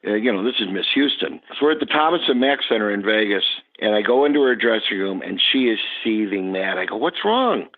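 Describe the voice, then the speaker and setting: A man, a guest on the podcast, telling an animated story about his past work. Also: on the low side, fast, hardly any pauses. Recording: tinny phone line.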